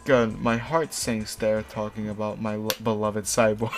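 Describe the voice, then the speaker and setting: A man's voice: on the low side, level tone, measured pace, noisy background. A young man reading a fanfic aloud and mocking it, sarcastic, swearing often. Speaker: host. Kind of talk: mocking read-aloud commentary.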